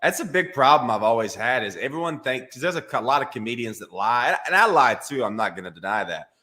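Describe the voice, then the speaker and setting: Bright-voiced Alabama comedian with a thick accent. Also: male voice, medium pitch, fast talker. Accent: Southern US, Alabama. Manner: deadpan self-mocking tall-tale telling. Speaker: comedian guest. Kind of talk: casual storytelling interview.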